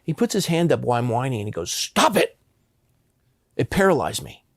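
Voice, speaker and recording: A man's voice: medium pitch, sing-song, rapid-fire, no echo, clean studio sound. A man in his fifties, a pastor from Southern California, earnestly telling personal stories in an interview. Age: 50s. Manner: earnest, impassioned.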